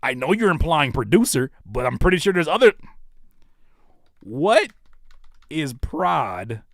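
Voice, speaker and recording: A rapper and YouTuber in his thirties reacts to comments in an animated comedic rant, mocking and teasing with sudden loud outbursts. His voice is a little high, a little slow and creaky, recorded in clean studio quality with no room sound.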